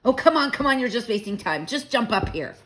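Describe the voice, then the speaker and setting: A woman's voice: fairly high pitch, big pitch swings, fairly quick, a bit bright, voice pushed up. A woman voicing a sly, know-it-all male house cat who talks in a bossy, impatient way. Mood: scheming.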